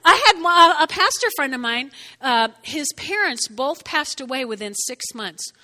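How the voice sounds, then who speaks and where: Animated high-voiced woman preaching. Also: measured pace, long reverb tail. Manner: conversational, keeps asking "okay?". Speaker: pastor. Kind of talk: sermon.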